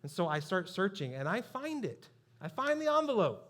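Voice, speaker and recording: A man's voice: high voice, sing-song, moderate pace, fairly bright tone. A man preaching a sermon as pastor, telling a personal story in a conversational, self-deprecating way.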